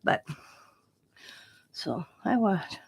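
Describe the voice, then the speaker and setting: An older woman from Wisconsin, a craft channel host, rambling through family stories while crafting and laughing at her own tales. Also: drawn-out words. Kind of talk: casual chat while crafting live.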